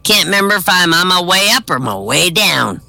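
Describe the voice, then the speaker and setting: A man works through a comedy set of old jokes with a bright, forward voice. He jumps his pitch up for the characters' quoted lines. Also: sing-song, moderate pace, creaky. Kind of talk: telling jokes to an online audience.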